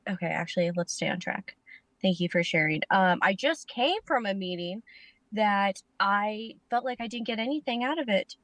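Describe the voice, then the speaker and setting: A woman's voice: mid-range voice, expressive, normal speed, fairly bright tone, no echo. A woman sharing at a recovery meeting from her parked car over a video call, rambling and self-deprecating with jokes. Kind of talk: casual recovery meeting share.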